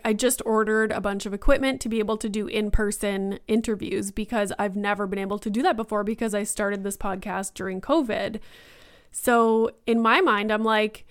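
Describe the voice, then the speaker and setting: Woman, thirties, solo podcast host, casual rambling monologue, lots of fillers, smooth clear voice. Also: mid-range voice. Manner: rambling, thinking aloud with many fillers.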